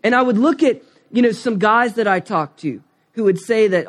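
A man's voice: high-pitched, moderate pace. A man in his thirties preaching a sermon, telling a personal story candidly, with many fillers and asides. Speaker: pastor.

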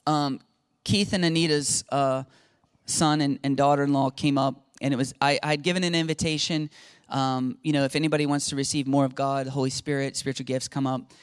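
A middle-aged male pastor telling a story in a conversational, animated sermon, often repeating his words. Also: medium pitch, fairly quick, clean tone, no echo.

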